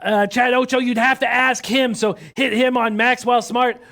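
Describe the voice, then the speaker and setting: Hoarse man hosting a betting show. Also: very high-pitched, little pitch movement, moderate pace, sharp tone. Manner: coughing, loose and joking. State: hoarse, losing his voice. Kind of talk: casual sports betting show.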